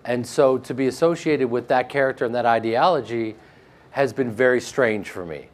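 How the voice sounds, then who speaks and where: A man with a flat Midwestern American accent, interviewed about his acting work, joking and self-deprecating with frequent restarts. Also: mid-range voice, moderate pace. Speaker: actor interviewed. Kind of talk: casual interview chat.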